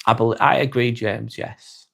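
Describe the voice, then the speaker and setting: A man with an East Lancashire accent hosts a live stream in a relaxed, unhurried way. His voice sits at an ordinary middle pitch. He reads out viewer comments and answers them with friendly, easygoing warmth. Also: gravelly, slightly rough. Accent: East Lancashire English. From North West England. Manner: calm, unhurried, winding down, calls people mate.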